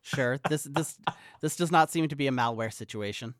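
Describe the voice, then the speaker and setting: A man's voice: mid-range voice, moderate pace, no echo. Stammering amused man on a dry mic. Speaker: podcast co-host. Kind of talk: casual movie-recap chat.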